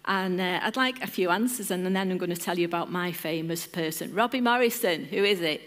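A woman's voice: lowish voice, a little fast, a bit bright. A woman from a church lead team giving an informal sermon, chatting and joking with the congregation and asking them questions. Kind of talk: informal sermon with audience interaction. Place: church service.

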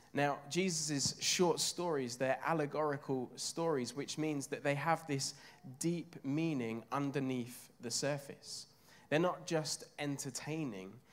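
A man from England preaching a sermon, chatting with his congregation and asking them questions. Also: mid-range voice.

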